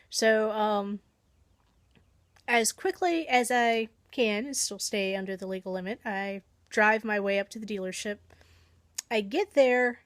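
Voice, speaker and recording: A woman's voice: a little high, dry recording. A woman vlogger casually telling a long everyday story, chatty and self-deprecating, acting out her own thoughts as she goes.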